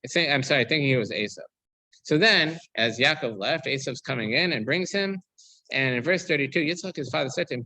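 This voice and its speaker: A bright, clear-toned man teaches a weekly Torah class as its rabbi. He reads verses aloud and then explains them, thinking aloud with frequent ums and restarts. His voice sits at an average pitch. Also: fairly quick, dry recording, poor audio. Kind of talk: reading and explaining scripture to a class.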